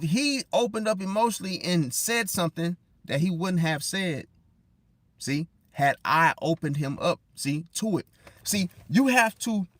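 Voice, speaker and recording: Slangy man with a higher voice. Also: no echo. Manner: slangy, keeps calling the listener bro, swings between loud and hushed. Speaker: zodiac relationship commentator. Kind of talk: casual direct-to-camera advice rant.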